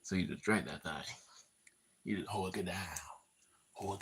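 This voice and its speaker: A man with a deep, gravelly voice that sits low and rough in the throat. He drawls unhurriedly through a loose, half-read monologue, slipping into teasing asides and repeating words as his attention wanders. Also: a little slow, long pauses, a bit bright, a little hiss or hum, poor audio. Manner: distracted, restarting and repeating himself with loose laughter; playful, teasing asides to himself. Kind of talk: casual rambling monologue, half reading a script.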